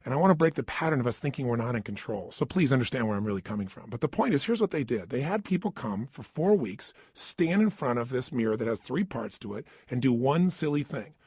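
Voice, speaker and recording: A middle-aged man giving an energetic motivational talk into a studio microphone, emphatic and questioning the listener directly. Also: mid-range voice, fast, hardly any pauses, husky, no echo. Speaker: motivational speaker.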